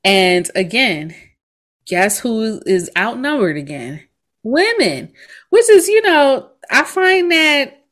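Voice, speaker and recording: A woman's voice: medium pitch, a bit bright. A woman in her thirties, a podcast co-host, telling a story in casual chat and laughing often.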